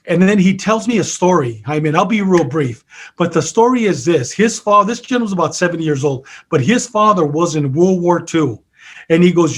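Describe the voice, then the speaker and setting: High-voiced older man telling a story. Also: a little fast. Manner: earnest, retells with many quoted exchanges. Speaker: peer counselor and author. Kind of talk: storytelling in an interview.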